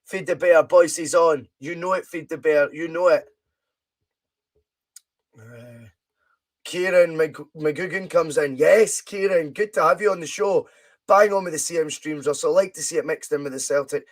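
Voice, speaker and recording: A man's voice: on the high side, normal speed. A Scottish man hosting a casual live stream, bantering chattily and reading out viewer comments while he plays a football management game.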